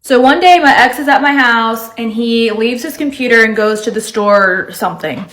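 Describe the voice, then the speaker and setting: A woman who works as an energetic healer, telling a story in a chatty, confiding way. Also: on the high side, normal speed, roomy sound. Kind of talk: casual storytime.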